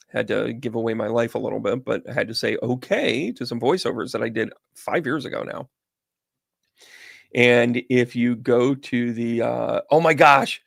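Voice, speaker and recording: A man talks casually to his viewers, chatty and animated, with a chuckle never far away. His voice has a rough, gravelly texture at a middling pitch. The sound is close and dry with no room echo. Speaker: host and medium. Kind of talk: casual livestream chat.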